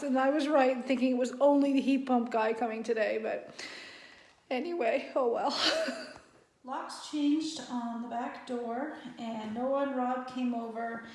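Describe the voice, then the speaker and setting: A woman's voice: sits high, measured pace, a little mellow, echoey room. A woman vlogging about her day in a casual, rambling way, often laughing. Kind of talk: casual vlog narration. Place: home kitchen.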